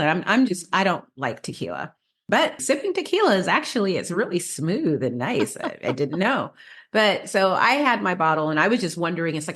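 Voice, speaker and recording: A woman's voice: on the low side, big pitch swings, brisk, a bit bright. A woman co-hosting a casual podcast, telling stories in a chatty way with many restarts and laughs. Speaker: podcast co-host.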